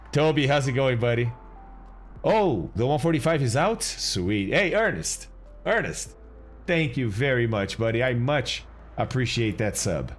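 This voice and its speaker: A man streaming a flight simulator in casual live chat, greeting viewers and explaining as he goes. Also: mid-range voice.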